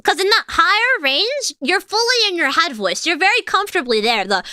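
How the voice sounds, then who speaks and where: A woman streamer with a very high, bright voice talks to her chat in a casual, excitable way. She explains singing technique as she reacts, full of "like" and "uh", and her pitch swings widely. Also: normal speed, no room sound. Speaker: streamer and singer.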